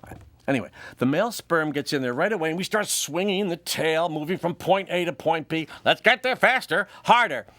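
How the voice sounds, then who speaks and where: A man's voice: fairly high pitch, fairly quick, dry recording. A man hosting a comedy show, delivering a jokey stand-up monologue and laughing often.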